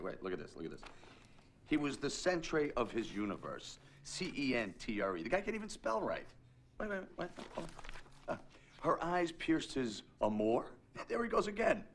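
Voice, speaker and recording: Actor as a brash, profane studio executive; lively, swinging delivery, faint background hiss. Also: male voice, medium pitch, normal speed, long pauses. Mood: blustering. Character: crude brash male movie executive. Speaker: film producer character. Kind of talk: film acting.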